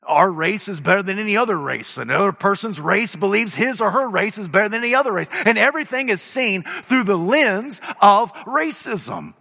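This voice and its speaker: A man preaching a sermon to a crowd, emphatic, swinging between loud declarations and quiet remarks. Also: high-pitched, expressive, normal speed, gravelly, few pauses. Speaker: pastor. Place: church sanctuary before a crowd. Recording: live hall with long reverb.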